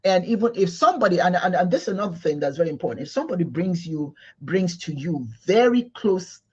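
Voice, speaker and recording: A man from Igbo Nigeria leads a spiritual talk in a somewhat high, husky voice. He stresses his points by repeating himself and restarting mid-phrase. The recording is dull and lo-fi. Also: expressive, quick pace. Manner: repetitive, emphatic, many restarts. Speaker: spiritual teacher.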